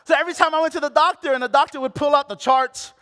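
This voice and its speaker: A man's voice: very high-pitched, steady tone, fast, bright, forceful tone, in a large hall. A man preaching a sermon, candid and self-deprecating, often repeating phrases for emphasis. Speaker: pastor.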